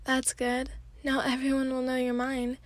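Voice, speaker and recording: A cheeky, easygoing young hero, read by a stuffy-nosed woman talks in a soft, casual way. The voice sits high and barely rises or falls. It is recorded close and dry, with no room sound. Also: monotone, normal speed, no echo, natural voice. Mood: teasing. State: stuffy nose.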